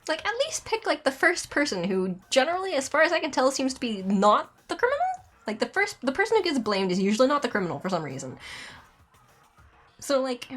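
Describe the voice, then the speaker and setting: A woman streamer giving exasperated, rambling gameplay commentary, filling her rant with "like" and pushing her voice higher as she gets angry. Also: sing-song, a little fast, fairly bright tone, soft background music. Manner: exasperated, rambling, heavy use of "like"; voice climbs high when angry. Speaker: let's play streamer.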